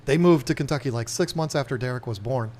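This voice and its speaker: This fifty-something podcast co-host talks quickly in a darkish, mid-range voice. His casual chat rambles along with plenty of enthusiasm.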